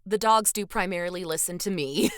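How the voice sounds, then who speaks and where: A woman co-hosting a podcast in casual chat, expressive and quick to laugh, who does big voices when quoting people. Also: on the low side, clean tone, dry recording, studio quality. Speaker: podcast co-host.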